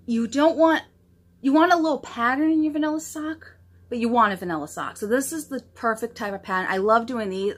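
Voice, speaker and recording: A woman's voice: medium pitch, fairly bright tone. Female knitting podcast host, casual and chatty, gushing, self-deprecating. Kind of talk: casual show-and-tell chat.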